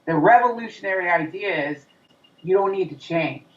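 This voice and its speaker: Here the high-pitched comedian guest keeps up his fierce, foul-mouthed interview rant at a normal pace, sometimes slipping into the voice of his own inner critic. The sound is distant, roomy and dull.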